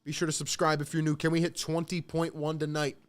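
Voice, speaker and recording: A man's voice: on the high side, completely flat delivery, fairly quick. A young man hosting a casual live stream, calling play-by-play and reacting, talking slangy and straight to his chat from a home setup.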